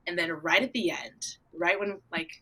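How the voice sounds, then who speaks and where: Teen girl telling stories in an interview, bright lively voice, kinda lowish pitch, super bubbly. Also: moderate pace, breathy edge. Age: teens. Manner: bubbly, storytelling, acts out her own excited reactions. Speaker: young equestrian guest. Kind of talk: casual interview answers.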